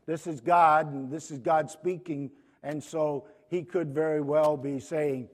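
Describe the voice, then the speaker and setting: A man preaching a sermon to his congregation, pausing often, restarting phrases and clearing his throat. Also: on the high side, fairly even intonation. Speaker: pastor.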